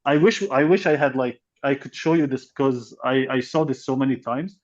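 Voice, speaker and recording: A man's voice: medium pitch, normal speed. A man co-hosting a podcast in casual chat, rambling with many restarts and fillers. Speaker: podcast co-host, comedian. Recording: dull lo-fi sound.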